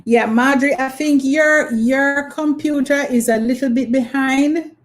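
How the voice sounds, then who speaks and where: A woman's voice: high-pitched, fairly even intonation, measured pace. A woman hosting a live online trivia quiz, patiently repeating her questions and prompting viewers. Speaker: quiz host.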